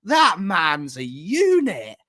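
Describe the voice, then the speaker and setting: A man from England runs a casual home livestream, chatting with viewers and reading their comments, rambling and repeating himself as he greets them. He speaks slowly in a high, sharp voice with huge pitch swings.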